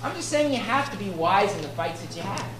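Against a noisy background in an echoey room with faint ambience, a woman gives an expository sermon. Her mid-range, expressive voice runs a little fast as she reads scripture aloud, explains it in a conversational way, and often checks in with "right?".

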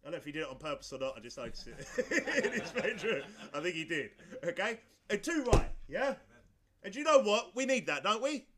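A man's voice: high-pitched, big pitch swings, a little fast, very noisy. A male pastor preaching a sermon, emphatic and driving, who repeats his points and fires off rhetorical questions.

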